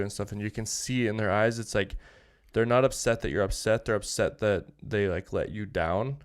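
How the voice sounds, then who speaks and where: A man's voice: fairly low pitch, fairly quick. A man co-hosting a podcast, talking casually and rambling, with plenty of filler words and restarts. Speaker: podcast host.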